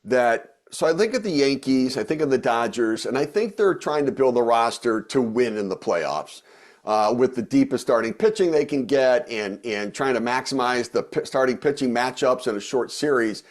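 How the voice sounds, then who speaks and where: Casting note: middle-aged man, mid-pitched, chatty guest who rambles and restarts often. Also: expressive, normal speed. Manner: rambling, many fillers and restarts. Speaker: guest, former baseball executive and radio host. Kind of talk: casual podcast interview.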